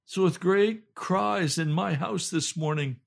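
An older male pastor, slightly hoarse, preaching a fervent sermon that swings between loud pleading cries and low, intense urging. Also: slow. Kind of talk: impassioned home sermon video.

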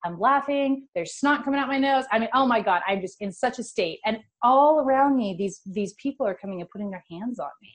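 A woman's voice: fairly high pitch, brisk, few pauses. Middle-aged woman telling a heartfelt story. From California. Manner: animated, emotional storytelling with laughter. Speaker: guest. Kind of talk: personal storytelling interview.

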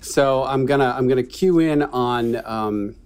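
A man co-hosting a podcast in casual chat, talking in halting bits with many restarts. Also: medium pitch, darkish tone, clean tone. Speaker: podcast co-host.

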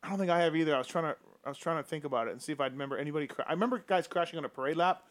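A man with a slightly high voice hosts a casual podcast, running through the latest news in a quick, chatty way. He moves fast from point to point and stops to give shout-outs. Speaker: podcast host. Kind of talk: casual chat about motocross racing.

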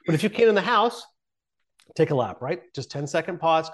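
A man's voice: on the high side, sing-song, quick pace. Male guest, 40s, broadcaster type, candid and reflective. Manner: earnest, reflective, many restarts. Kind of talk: conversational interview.

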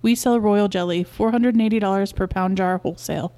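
An excitable middle-aged beekeeper husband, proud of himself and pushing his point, as a woman reads him aloud. The voice sits mellow and soft-edged, rising eagerly when he gets carried away. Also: medium pitch, brisk, close to an everyday voice. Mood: excited. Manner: coaxing, excitable, insistent.

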